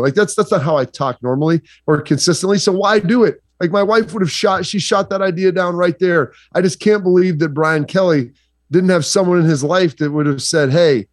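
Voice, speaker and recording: Male sports talk guest from Ohio, loose and chatty, a bit higher pitched, recorded dry. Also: no echo. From Southeastern Ohio, USA. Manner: rambling, chatty, lots of fillers.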